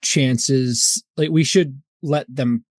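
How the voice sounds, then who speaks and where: A relaxed man talking through his turn in a tabletop role-play game. He has a mid-pitched voice, and the recording is close and dry. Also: extremely slow, no room sound. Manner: easygoing, brief agreements. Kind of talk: casual play chat.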